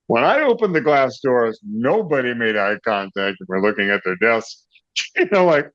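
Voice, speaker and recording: Middle-aged man telling a lively story. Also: medium pitch, normal speed, no room sound. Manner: animated, laughs often, acts out the people in his story. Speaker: rock singer, interview guest. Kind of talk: anecdotal storytelling. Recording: dry, slightly dull lo-fi sound.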